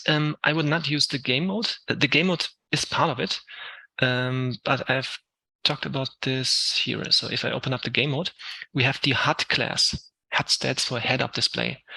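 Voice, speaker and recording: A man's voice: mid-range voice, pushed and bright, no room sound, poor audio. A man with a German accent, an Unreal Engine instructor giving a live tech talk, explaining step by step with frequent ums while answering questions.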